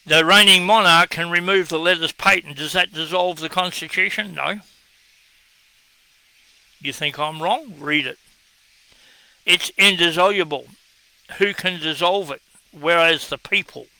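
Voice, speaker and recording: A man's voice: fairly high pitch, a little slow, long pauses, pushed and bright, dry recording, low-quality recording. An Australian man speaking in a blunt, scornful way, giving a combative monologue as he answers viewer comments.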